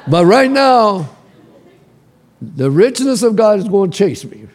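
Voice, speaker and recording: A male pastor preaching a sermon in a church, calling the congregation to repeat after him and building to shouts. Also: high voice, very animated, slow pace. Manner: call-and-response preaching, rising to shouts. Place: church sanctuary.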